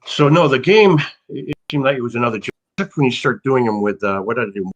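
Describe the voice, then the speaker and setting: A man's voice: medium pitch, fast talker, lo-fi sound. An older man, an actor, telling rambling, anecdotal stories in a casual interview, with many restarts.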